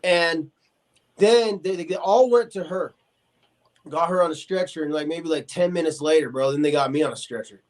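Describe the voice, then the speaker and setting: Speaking at a normal speed in a voice a little on the high side, a man in his forties guests on a podcast. He animatedly recounts a long story in casual talk, heavy on fillers and performed quotes.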